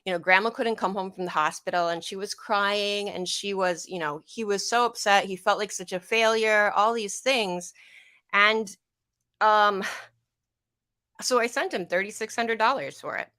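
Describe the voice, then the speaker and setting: A woman's voice: medium pitch, measured pace, pushed and bright, no room sound, studio quality. A young adult woman telling an emotional personal story on a livestream, rambling and repeating herself, her voice catching at times. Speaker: guest.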